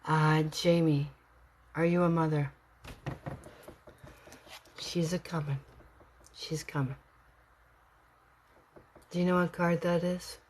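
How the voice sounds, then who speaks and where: A woman doing a live tarot card reading for someone, expressive and swinging between excited bursts and hushed whispers. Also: low voice, takes it slowly, pauses often, a little hiss or hum. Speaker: tarot reader.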